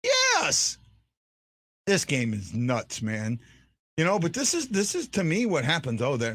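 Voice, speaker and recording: This fan show host's voice is medium-pitched, a bit bright, and free of echo. He chats loosely through a game on his live stream, going in circles, repeating himself, and ribbing viewers.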